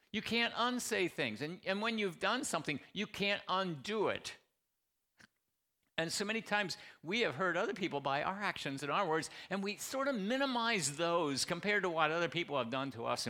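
A man's voice: high voice, sharp tone. A man preaching a sermon as pastor, talking to his congregation with rhetorical questions and emphatic repetition.

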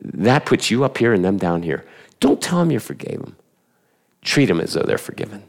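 A man preaching a sermon from a church stage, his lowish voice gravelly at the edges. He swings his pitch up and down with real animation, hammering home points with rhetorical questions and repetition. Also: normal speed. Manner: animated, emphatic, asks the audience rhetorical questions, repeats phrases. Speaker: pastor.

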